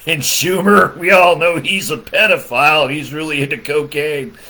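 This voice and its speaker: A man's voice: a little high, steady tone, normal speed, pushed and bright. A man, a political comedian, rambling through a crude comedic rant, laughing often and leaning on fillers. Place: Michigan.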